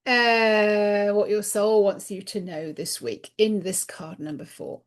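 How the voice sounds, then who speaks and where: A woman's voice: medium pitch, slow. Emphatic woman giving a spiritual card reading. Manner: emphatic, repeats words for stress. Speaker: spiritual card reader and channel. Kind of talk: inspirational monologue to camera.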